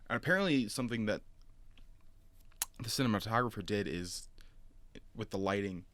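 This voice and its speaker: A man's voice: on the low side, normal speed, no room sound. A man co-hosting a casual movie chat, retelling scenes with lots of fillers and laughs. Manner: animated storytelling, frequent laughs and fillers. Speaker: podcast co-host.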